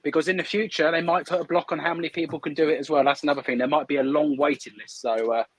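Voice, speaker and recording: A man's voice: on the high side, steady tone, fast, rough recording. A man hosting a live selling stream, chatting casually and teasing his guests. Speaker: livestream host. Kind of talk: casual livestream chat.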